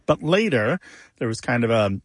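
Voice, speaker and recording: A man co-hosting a call-in radio show about words, explaining word origins in a relaxed way with fillers. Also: mid-range voice, moderate pace, dry recording, clean studio sound.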